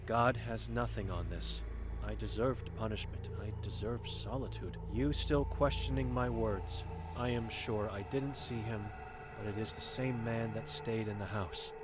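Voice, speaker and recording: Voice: mid-range voice, unhurried, over music, lightly acted. An actor voicing a blind, mute old woman who is bitter and grim and speaks in terse, broken sentences in a video game.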